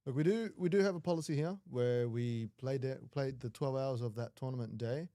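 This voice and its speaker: A young Australian man commentating a live poker stream in quick, jokey banter. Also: medium pitch, dark tone. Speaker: poker commentator, venue staff.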